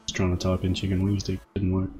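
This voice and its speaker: A man with a low, mellow voice chats about video games on a podcast. He tends to repeat his phrases and throws in quick questions. Faint music plays in the background. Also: completely flat delivery. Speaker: podcast co-host. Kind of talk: casual gaming chat.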